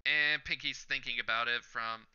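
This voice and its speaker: A man's voice: mid-range voice, steady tone, normal speed, clear, resonant tone, lo-fi sound. A man hosting a reaction channel, reading a manga chapter aloud panel by panel with his own commentary and chuckling at the jokes. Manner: narrates panel by panel, reading lines out loud.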